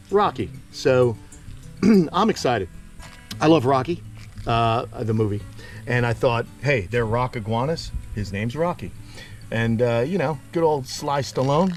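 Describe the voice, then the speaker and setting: A man hosting a casual, enthusiastic walking tour of outdoor animal enclosures, talking with lots of fillers. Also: medium pitch. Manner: chatty and enthusiastic, many fillers. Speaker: reptile sanctuary owner and host.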